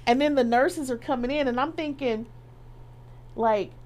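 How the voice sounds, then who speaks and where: Lively woman acting out her story. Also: high voice, moderate pace, crowd noise. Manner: lively, acts out quoted voices, laughs while telling. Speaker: interview guest. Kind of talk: personal storytelling in a chat.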